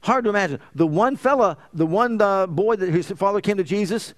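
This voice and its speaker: Fervent high-voiced male preacher. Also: brisk, hardly any pauses. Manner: rising to fervent emphatic declarations, dropping to soft hushed lines. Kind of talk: sermon.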